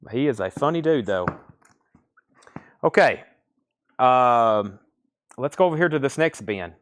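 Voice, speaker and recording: A man's voice: medium pitch, expressive, slow pace, pauses often. A man with a Southern US accent hosting a live record sale from a store, reeling off album titles and prices with chatty asides. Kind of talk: live-stream sales patter.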